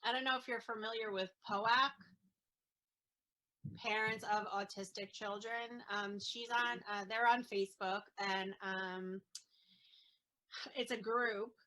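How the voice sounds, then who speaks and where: A woman speaking as an interview guest, an earnest mother talking in a halting way with many fillers and restarts. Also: medium pitch, steady tone, pushed and bright, low-quality recording. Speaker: guest, autism mom. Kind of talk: casual interview chat.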